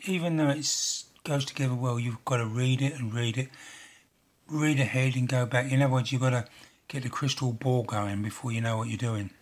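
Husky older man rambling at his workbench. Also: mid-range voice. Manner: rambling, chatty, self-deprecating. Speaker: model railway builder. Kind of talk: casual build vlog narration.

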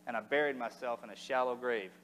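A middle-aged man telling a war story to an audience in a plain, halting way, his voice sinking low and quiet at the hardest parts. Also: a little hiss or hum. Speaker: speaker giving a talk. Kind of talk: recounting a combat story to an audience. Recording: long hall reverb.

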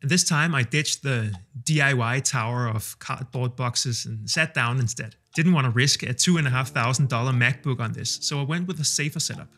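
Husky man in his thirties. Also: medium pitch, moderate pace, hardly any pauses, a bit bright. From Denmark. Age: 30s. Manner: conversational, self-deprecating and candid. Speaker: video creator testing AI tools. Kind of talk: casual vlog talk. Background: faint background music.

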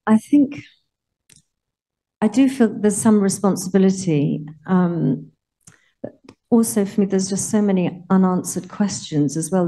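Panel guest, female, low-pitched, very warm mellow tone, thoughtful. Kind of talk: panel conversation.

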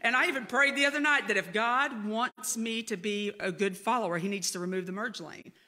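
A woman's voice: mid-range voice, fairly quick, sharp tone, slight background noise. A middle-aged woman pastor preaching a sermon, telling her own story in a candid, self-deprecating way. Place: church sanctuary.

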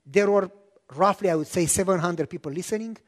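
A man preaching a sermon, telling stories and acting out the dialogue, clearing his throat often. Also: high voice, brisk. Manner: anecdotal, acts out dialogue, frequent throat clearing. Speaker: pastor. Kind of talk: storytelling sermon. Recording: long reverb of a large hall.

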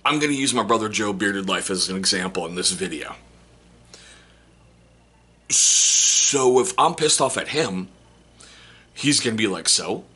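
A man in his forties with a fairly low, husky voice and a forceful, bright edge. He talks to camera in a candid, casual vlog style, tossing in teasing asides and rhetorical questions. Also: animated, measured pace, pauses often. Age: 40s. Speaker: vlogger. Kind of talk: casual self-help talk to camera.

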